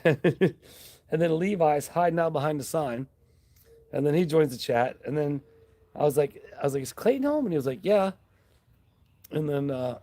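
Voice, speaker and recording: A man hosting a casual live stream, rambling in a relaxed, friendly way, reading out viewer comments and thanking them. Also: a little high.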